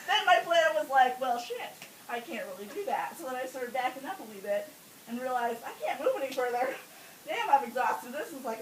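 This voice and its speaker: A young woman telling a crude, funny story casually, often breaking into laughter mid-sentence. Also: high voice. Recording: roomy sound from a distance with faint hiss.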